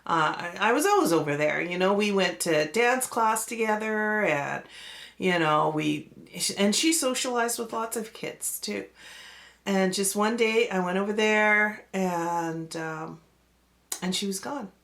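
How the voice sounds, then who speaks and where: A woman pastor telling a personal story in a relaxed way, with lots of fillers and acted-out quoted voices. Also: mid-range voice, unhurried, creaky.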